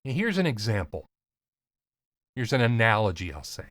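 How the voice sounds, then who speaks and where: A man with a slight lisp, coaching on voiceover in an earnest, emphatic talk to camera with deliberate pauses. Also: lowish voice, big pitch swings, a bit bright, no room sound, clean studio sound. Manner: casual, swears lightly. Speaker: voiceover coach and podcast host.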